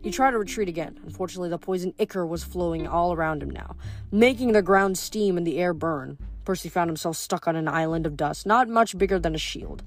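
A woman reading chapters of a novel aloud in an animated, expressive way. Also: on the low side, brisk. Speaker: audiobook reader.

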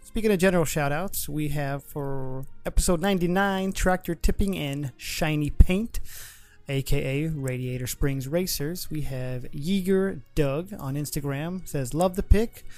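A man co-hosting a casual podcast, chatty and quick to laugh, with frequent restarts. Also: fairly high pitch, a little mellow, soft background music. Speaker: podcast co-host. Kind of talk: casual chat.

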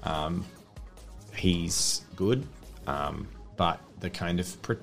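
A man narrating as game master in a relaxed, explaining way. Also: low voice, very slow, vocal fry, faint music behind.

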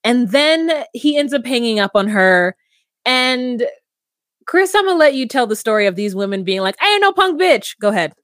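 A woman co-hosting a podcast, recapping a reality show in a sassy, animated way and acting out quotes. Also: on the high side, moderate pace, dry recording, clean studio sound. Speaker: podcast co-host. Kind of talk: casual recap chat.

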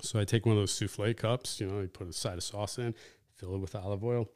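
A middle-aged man, a pizza shop owner, telling animated stories as a podcast guest, swearing casually. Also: on the low side, quick pace, dry recording, studio quality. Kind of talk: casual storytelling. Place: podcast studio.

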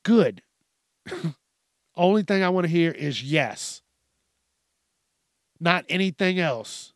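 A man's voice: fairly high pitch, lively intonation, takes it slowly, pauses often, no room sound, studio quality. A man hosting a casual news commentary show, swearing often, laughing and acting out quotes in exaggerated voices. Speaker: host.

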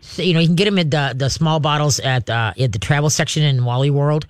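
A man's voice: fairly high pitch, fast, clear, resonant tone, dry recording. A man hosting a call-in advice show as a dog trainer, talking in a folksy, homespun way. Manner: folksy, homespun, animated demonstrations. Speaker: radio dog trainer host.

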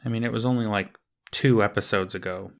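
A man co-hosting a podcast, reacting in a relaxed, casual way. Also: lowish voice, a little fast. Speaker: podcast co-host. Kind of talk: casual chat.

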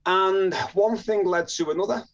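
A man's voice: sits high, fairly even intonation, moderate pace, muffled recording. A man from northern England telling a personal story in a chatty way, with frequent restarts and chuckles.

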